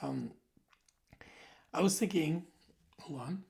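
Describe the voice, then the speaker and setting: A man in his forties talking casually to camera, rambling and conversational, sometimes dropping into soft asides. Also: fairly high pitch, takes it slowly, gravelly. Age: 40s. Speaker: video host. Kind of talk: casual monologue.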